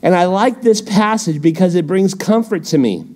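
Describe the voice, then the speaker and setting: A male pastor teaching a midweek Bible study, animated, firing off rhetorical questions and quips. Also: high voice, normal speed.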